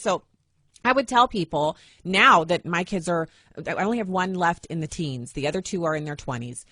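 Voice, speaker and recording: A middle-aged woman hosting a talk radio show, telling a personal story with lively acted-out quotes. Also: on the low side, normal speed, no echo, clean studio sound. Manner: animated, acts out quoted voices.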